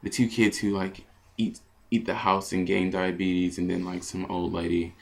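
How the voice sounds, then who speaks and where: A man's voice: low-pitched, monotone, normal speed, vocal fry. A man co-hosting a comedy vlog, telling stories in a rambling, profane, giggly way. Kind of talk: casual storytelling.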